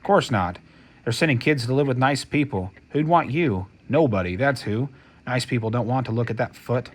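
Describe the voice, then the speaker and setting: A man's voice: mid-range voice, animated, moderate pace, close to an everyday voice. A man reading the part of a harsh, cruel working-class mother, speaking in a cold, contemptuous way. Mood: scornful.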